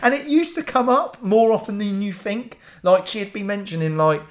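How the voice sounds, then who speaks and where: A man's voice: high-pitched, normal speed. A man in his thirties, casually telling a story as a vlogger, with laughter, swearing and a skeptical tone. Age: 30s.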